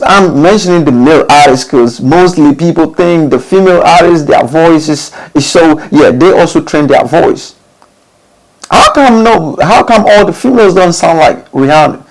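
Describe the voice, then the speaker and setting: A man's voice: sits high, rough recording. A man hosting a studio channel, giving casual advice to recording artists, with emphatic rhetorical questions and many restarted phrases. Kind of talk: casual talk to camera.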